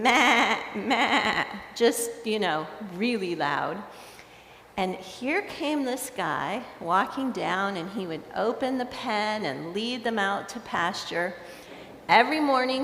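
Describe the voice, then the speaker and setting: A woman's voice: medium pitch, a bit bright, a little hiss or hum. A woman pastor with an American accent preaching a sermon, conversational and storytelling, playful with her congregation. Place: large church sanctuary. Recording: echoey church with long reverb.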